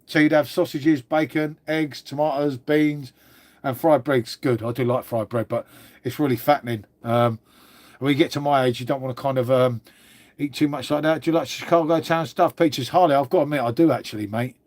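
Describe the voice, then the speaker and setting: His mid-range voice is fairly even, brisk and a little mellow in a dry recording. This middle-aged Englishman with an English accent hosts a casual stream, chatting with viewers over their comments and saying "mate" often.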